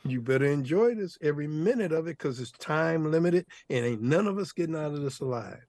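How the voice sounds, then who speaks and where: A man's voice: on the high side, fairly quick, darkish tone, no echo. An older man, a guest author, telling stories with exuberant energy, laughing often and using playful slang. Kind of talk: animated storytelling interview.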